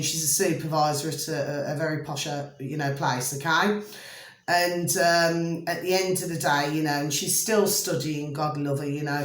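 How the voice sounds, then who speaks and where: A middle-aged woman, talking casually and affectionately to camera at home, rambling and often checking that her viewers follow her. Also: fairly low pitch. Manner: chatty, doting, keeps checking listeners follow. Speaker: vlogger doing readings. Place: indoors at home. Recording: roomy home recording.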